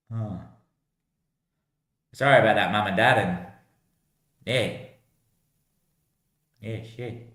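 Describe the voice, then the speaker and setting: A man's voice: fairly low pitch, fairly bright tone, roomy sound. A man rambling to himself, answering his own remarks and swearing freely.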